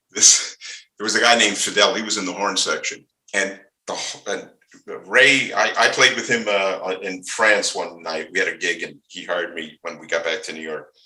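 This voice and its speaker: An outspoken older man rambles through stories, restarting his sentences as he goes. His low voice is bright and forceful. The sound carries a roomy echo. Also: fairly even intonation, moderate pace. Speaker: interview guest, bass player. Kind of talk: casual interview storytelling.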